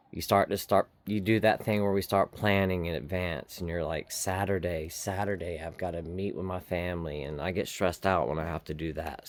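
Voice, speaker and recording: A man giving an earnest, repetitive recovery pep talk outdoors, shivering in the cold. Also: low voice. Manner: earnest, slow, repetitive encouragement. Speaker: recovery vlogger. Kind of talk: heartfelt motivational talk to camera.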